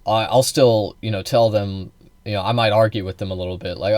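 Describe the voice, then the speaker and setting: A man's voice: lowish voice, fairly even intonation, fairly quick, darkish tone, dry recording. A man giving heated, profane commentary on a live stream, often repeating himself and restarting sentences. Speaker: political streamer reacting to a clip.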